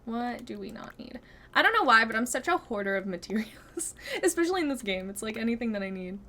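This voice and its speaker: Bright-voiced chatty young woman streamer. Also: a little high, sing-song, brisk. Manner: chatty, giggly, talks to chat and herself. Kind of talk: casual gameplay chat.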